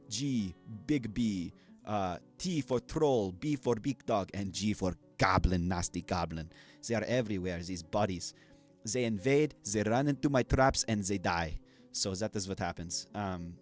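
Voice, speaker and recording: Guy doing a fake russian dwarf dictator, drops his articles, all brag and threats, lowish voice. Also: lightly acted. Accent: put-on Russian. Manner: drops articles, boastful and menacing. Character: blustering fascist male dwarven dictator. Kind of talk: in-character game commentary.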